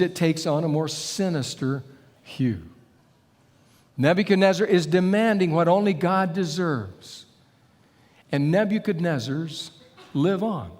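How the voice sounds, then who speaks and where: A middle-aged man preaching a sermon, telling stories with animated retellings. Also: a little high. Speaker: pastor. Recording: long reverb of a hall.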